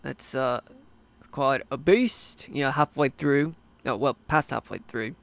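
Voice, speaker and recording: A man's voice: mid-range voice, measured pace, vocal fry, a bit bright. A man voicing a rambling adult male cartoon interviewee with an Australian accent, full of fillers and restarts, in a hobby cartoon.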